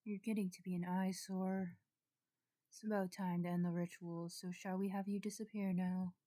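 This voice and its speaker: A woman's voice: on the low side, level tone, moderate pace, dark tone, no echo, natural voice. A woman voicing a cold, commanding female demon in a game, with a slight drawl. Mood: menacing. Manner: drawling, with a slight Southern lilt.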